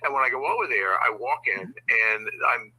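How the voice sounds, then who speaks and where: An older man recounting a story as a guest, in a very bright, ringing voice with a husky edge. He stops and restarts often and fills gaps with "you know". His pitch sits in the ordinary range for a man. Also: animated, normal speed, low-quality recording. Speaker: guest, former prosecutor. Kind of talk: telling a story in conversation.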